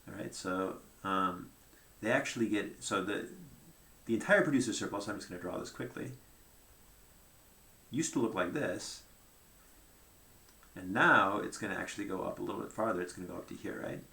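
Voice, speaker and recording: A man gives a relaxed whiteboard lecture, talking through each step out loud and often checking in with his listeners. His voice sits on the low side and carries a gravelly edge. The room adds a noticeable echo. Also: normal speed, long pauses. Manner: conversational, thinking aloud with frequent "right?" and "um".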